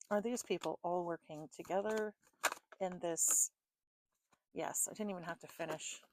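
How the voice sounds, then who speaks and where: A woman's voice: on the low side, fairly bright tone. A woman giving a casual tarot reading to her viewers, frustrated and swearing often, laughing at her own exasperation. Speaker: tarot reader.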